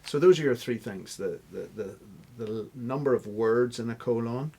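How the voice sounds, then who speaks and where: A man's voice: medium pitch, moderate pace, a little mellow, breathy edge. A man answering interview questions as a guest scholar, explaining step by step like a teacher. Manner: teacherly, stops to spell out examples.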